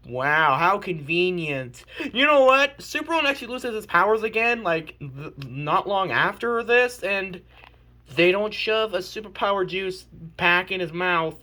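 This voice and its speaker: A young woman reading her own old comics aloud, with animated, exasperated comedic commentary and laughing disbelief. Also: on the low side, a little slow.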